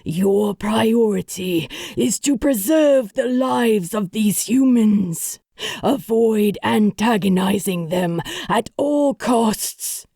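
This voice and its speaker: Charon, a woman voicing a deep grizzled boatman god. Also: creaky, mellow, slightly rough, no echo, studio quality, exaggerated voice. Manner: grave and commanding. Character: ancient grizzled male boatman god of the dead.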